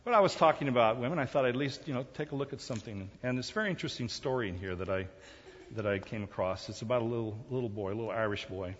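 A man's voice: mid-range voice, rapid-fire, slight background noise. A man preaching a sermon as pastor, emphatic and full of rhetorical questions. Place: large hall. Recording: dull sound in a reverberant hall.

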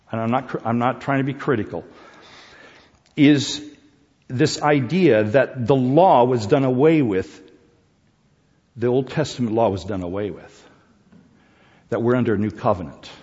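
A man preaching a sermon, emphatic and animated, dropping to soft asides and rising to loud points. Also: mid-range voice. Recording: long hall reverb, dull lo-fi sound.

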